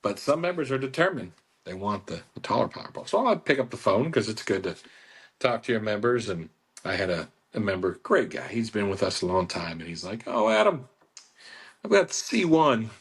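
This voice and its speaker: Low, husky-voiced man selling on radio. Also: expressive, fairly quick. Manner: chatty, salesy, repeats phone number. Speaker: boat club staff on radio. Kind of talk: casual radio sales talk. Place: radio studio.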